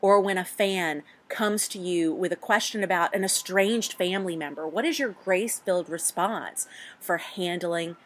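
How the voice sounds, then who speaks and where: A woman hosting an advice show for actors, talking in a blunt, animated way with mild swearing. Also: fairly low pitch, moderate pace. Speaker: host; casting coach. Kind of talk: advice talk.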